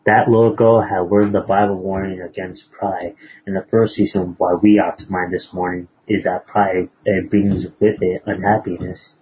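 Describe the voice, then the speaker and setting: A man preaching, retelling a moral story in a halting way with many fillers and restarts. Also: low-pitched, flat delivery, slight background noise. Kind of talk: sermon storytelling. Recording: dull lo-fi recording.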